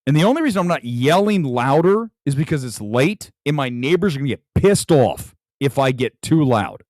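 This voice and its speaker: A man's voice: on the high side, animated, normal speed, darkish tone, no room sound. A man hosting a live late-night movie talk show from home, ranting furiously and emphatically. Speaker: film critic host.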